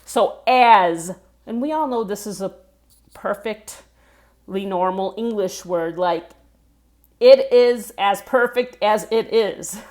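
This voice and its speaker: A woman coaching pronunciation at an unhurried, measured pace. She spells out letters one by one and repeats each word carefully in a mid-pitched voice. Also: darkish tone. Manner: slow, deliberate, spells out letters and repeats words. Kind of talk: pronunciation lesson.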